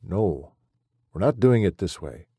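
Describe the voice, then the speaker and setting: A man's voice: low voice, lively intonation, unhurried, mellow, husky, dry recording, clean studio sound, full character voice. A man reading a pleading rancher husband. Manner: urgent, pleading.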